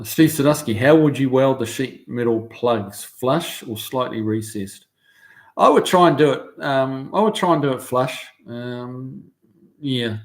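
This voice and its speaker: A middle-aged man with a New Zealand accent, hosting a casual live stream from his car shop, reading out viewer comments in a relaxed, chatty way full of ums and uhs. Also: medium pitch, creaky.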